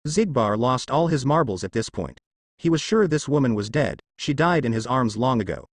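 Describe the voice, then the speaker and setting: A man reading fan fiction aloud as narrator in a steady storytelling way. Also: mid-range voice, normal speed, no room sound, clean studio sound.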